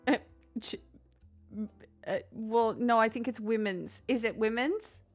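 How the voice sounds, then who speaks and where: A young woman with a slightly high voice, bantering and giggling while she streams a game. Faint music runs behind her, and her voice sounds even and relaxed. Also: unhurried. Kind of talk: live game stream chat.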